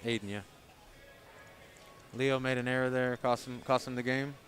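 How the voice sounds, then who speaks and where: A man giving casual live commentary on a pool match, talking through shots in a relaxed, conversational way. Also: mid-range voice, normal speed, faint music behind.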